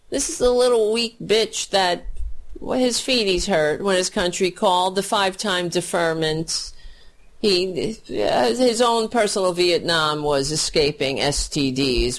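A woman delivers heated political commentary in an unhurried, deliberate way, her voice sitting on the lower side. She sounds scornful and insulting, and her talk is halting, with frequent repeated words.

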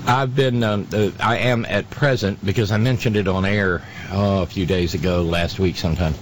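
A man hosting a talk radio show, giving political commentary in a halting, sarcastic way full of fillers. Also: sits low, steady tone, slight background noise.

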